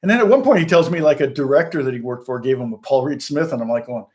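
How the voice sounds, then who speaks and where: A man's voice: medium pitch, quick pace, a little mellow. A middle-aged man, a musician and channel host, telling a long story in casual, rambling fashion, interrupting himself and laughing often.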